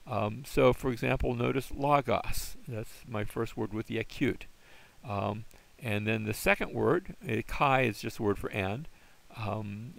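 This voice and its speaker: A man's voice: medium pitch, gravelly. A man teaching a Greek lesson in a casual, hesitant way, with many fillers and restarts. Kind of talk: informal recorded lesson.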